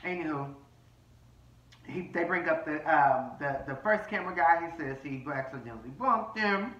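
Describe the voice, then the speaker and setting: A man's voice: a little high, animated, normal speed, a bit bright, recorded from a distance, highs cut off. Brash sassy man in an echoey room. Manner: brash, profane, sassy, reading people. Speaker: commentary host. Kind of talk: casual reality-TV recap.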